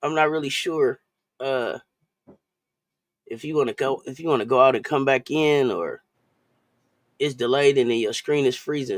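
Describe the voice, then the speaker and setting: A woman's voice: rumbling low, normal speed, pauses often. A woman leads a laid-back sports chat on a live stream, speaking loosely and circling back over her own words. Her voice is close and dry, with no room echo. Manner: loose and chatty, repeats and restarts phrases, greets viewers in chat.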